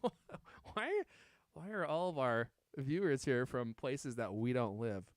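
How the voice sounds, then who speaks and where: Animated joking male podcast host. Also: medium pitch, slow, no echo, studio quality. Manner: joking, teasing, reads viewer comments aloud. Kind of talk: casual live-stream chat.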